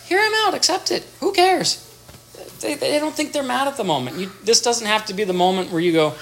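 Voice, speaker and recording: A therapist gives everyday advice at a moderate pace, casual and animated, with pitch swinging widely. He acts out little imagined dialogues in changing voices and often repeats or restarts words. Faint noise lies beneath the recording.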